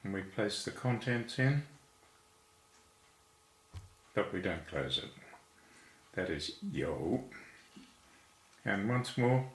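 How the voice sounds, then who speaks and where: A man with a lowish, expressive voice teaches how to write Chinese characters at a moderate pace, counting each stroke aloud. His instruction is patient and step by step, recorded in an echoey room.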